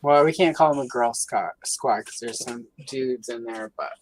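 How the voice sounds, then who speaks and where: A woman's voice: a bass voice, normal speed, rough recording. A woman hosting a livestream, talking casually and rambling with many fillers. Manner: rambling, lots of fillers, chatty. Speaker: livestream host.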